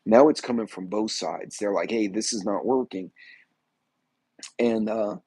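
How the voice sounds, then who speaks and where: A man's voice: on the low side, a little slow, dark tone, slightly rough, no room sound. A man hosting a livestream, chatting casually and rambling as he greets viewers by name. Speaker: livestream host. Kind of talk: casual political livestream chat.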